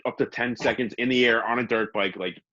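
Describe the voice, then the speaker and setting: A man co-hosting a podcast in casual chat, an animated storyteller who laughs often. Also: mid-range voice, a little fast, no echo, lo-fi sound. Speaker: podcast co-host. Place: studio.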